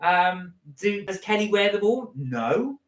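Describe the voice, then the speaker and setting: A man's voice: high voice, sing-song, takes it slowly. British man with a country accent, roomy sound. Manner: teasing, reads comments aloud. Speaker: co-host reading viewer comments. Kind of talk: casual chat. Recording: echoey room.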